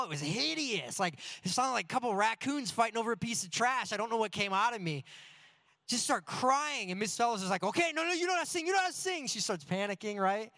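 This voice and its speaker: A man with a notably high voice preaching a sermon. He tells personal stories in an animated, earnest manner and pokes fun at himself. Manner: earnest, animated, self-deprecating.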